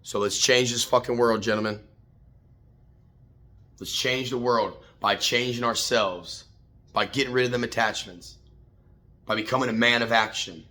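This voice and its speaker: A man's voice: mid-range voice, steady tone, moderate pace, long pauses, bright, forceful tone. A man hosting a casual morning motivational talk, swearing freely and preaching to his listeners, calling them man and baby. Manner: profane, fired-up, preachy. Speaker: host.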